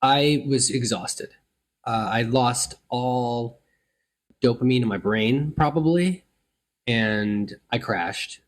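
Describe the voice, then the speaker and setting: A man's voice: mid-range voice, takes it slowly. A man from the United States hosting a travel show, telling his stories in a thoughtful, meandering way with frequent restarts. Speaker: travel podcast host. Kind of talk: reflective travel storytelling.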